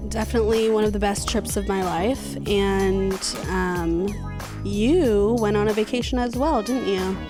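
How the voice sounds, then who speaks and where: A woman from San Antonio chats easily as a podcast co-host, laughing readily between thoughts. Her voice sits at an average pitch. Soft music plays faintly behind her. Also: measured pace. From San Antonio, Texas, USA. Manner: chatty, easy laughter. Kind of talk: casual chat.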